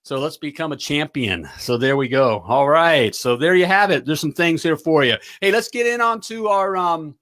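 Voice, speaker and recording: A middle-aged man hosts a live talk show with a somewhat high-pitched voice. He talks in an energetic, motivational pep-talk style and keeps checking in with his audience. His delivery is upbeat and coaching. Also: moderate pace, few pauses. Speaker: talk show host and plumbing business coach.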